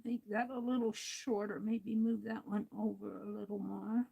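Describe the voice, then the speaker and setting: A woman hosting a craft livestream, thinking aloud in a slow, musing way as she works. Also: mid-range voice, little pitch movement, creaky, dark tone, slightly rough. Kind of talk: casual talk while crafting.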